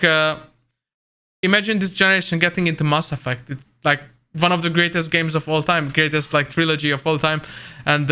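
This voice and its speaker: Bright, clear-voiced young man chatting casually. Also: on the high side. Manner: enthusiastic, rambling with many fillers. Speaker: podcast co-host. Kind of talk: casual gaming chat.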